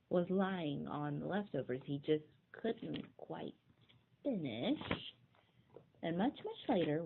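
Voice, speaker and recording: A woman reading a children's picture book aloud in an expressive way. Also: low voice, slight background noise. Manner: expressive, sweeping storybook reading. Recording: tinny phone-like sound.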